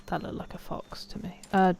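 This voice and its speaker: A young woman giving casual commentary while streaming a game, chatting with her viewers and reacting loudly. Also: normal speed, noisy background.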